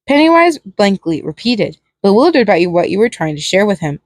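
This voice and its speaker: A woman reading fan fiction aloud as narrator, steady but with small restarts. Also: medium pitch, normal speed, dry recording.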